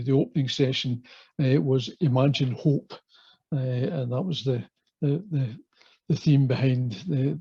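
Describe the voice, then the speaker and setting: A man's voice: medium pitch, mellow, slightly rough, no room sound. A man giving a hesitant, casual presentation on a video call, stumbling over repeated filler words. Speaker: Rotary club member giving a convention report. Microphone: video call microphone. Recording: dull, dry video call audio.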